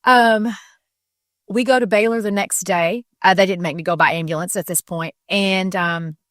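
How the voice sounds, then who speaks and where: A middle-aged woman recounts a personal faith testimony as a podcast guest. Her voice sits at an ordinary middle pitch. Her telling is earnest and tumbling, full of restarts and fillers, and the sound is dry and close with no room around it. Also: steady tone, moderate pace, fairly bright tone, no echo.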